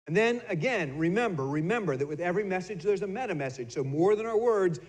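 A man's voice: high voice, expressive, fast. Man preaching in a reverberant church. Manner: conversational, repeats words, acts out dialogue. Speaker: pastor. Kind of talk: sermon. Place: church sanctuary.

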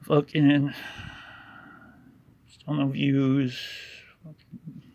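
A man's voice: mid-range voice, level tone, drawn-out words, creaky, dull audio. A man giving an angry, sarcastic voice-over commentary with heavy swearing, ranting about an online rival. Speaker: YouTuber narrating over a video.

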